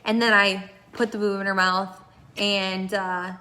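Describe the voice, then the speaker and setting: A young mom vlogger with a mid-range, bright voice chats casually about her baby's bedtime at a measured pace. Her delivery is flat yet forceful, and she rambles with many restarts and fillers.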